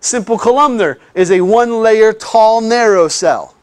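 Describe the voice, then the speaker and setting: A man's voice: high voice, a little slow, dry recording, clean studio sound. A man teaching a classroom lecture in a chatty way, often checking in with his students.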